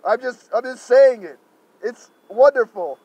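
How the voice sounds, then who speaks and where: A man giving an improvised spiritual monologue to camera, effusive and gentle, pausing often and repeating thanks and loving affirmations. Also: extremely high pitch, expressive, breathy edge, low-quality recording. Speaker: spiritual speaker.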